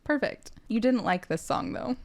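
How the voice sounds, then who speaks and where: A woman's voice: a little high, lively intonation, moderate pace, creaky. A woman co-hosting a podcast as the devoted fan, talking with enthusiasm and arguing playfully. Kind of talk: casual podcast chat.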